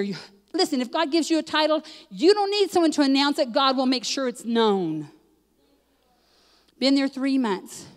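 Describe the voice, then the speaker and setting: A woman preaching a storytelling sermon, emphatic, moving between loud declarations and hushed retellings. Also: on the high side. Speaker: guest preacher, coffee shop owner. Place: church sanctuary. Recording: long hall reverb.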